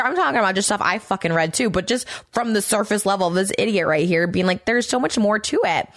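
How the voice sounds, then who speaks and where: A woman hosting her own podcast, talking in a blunt, profane, rambling way full of fillers, her pitch jumping up when she gets worked up. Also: a bit bright, dry recording, clean studio sound. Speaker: podcast host. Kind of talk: casual commentary monologue.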